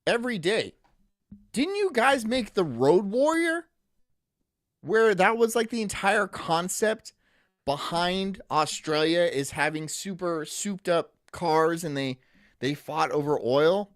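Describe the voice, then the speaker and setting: A man's voice: high-pitched, expressive, slow pace, no echo, studio quality. A male streamer riffing casually and reading chat messages aloud in a rambling, joking way. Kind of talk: casual reaction commentary.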